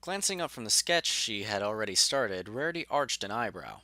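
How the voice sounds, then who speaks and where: A man narrating a fan audio story in a measured, even way. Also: fairly low pitch, dry recording, studio quality.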